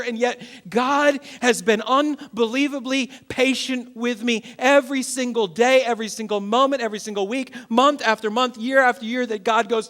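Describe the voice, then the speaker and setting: A man in his thirties, a pastor preaching a sermon to his church, swinging between loud bursts and quiet, earnest passages. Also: very high voice, fairly quick.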